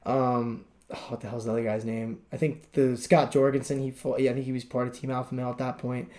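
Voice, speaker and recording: A man's voice: mid-range voice, flat delivery, fast talker, a little mellow. A man co-hosting a podcast, rambling casually and laughing often as he retells stories. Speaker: podcast co-host. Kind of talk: casual chat.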